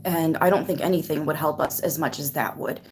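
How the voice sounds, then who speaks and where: Emotional lady on a livestream, lowish voice, fighting back tears, greeting viewers. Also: steady tone, a little fast, slight background noise. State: near tears. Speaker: tarot reader and channel host. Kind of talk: casual livestream chat.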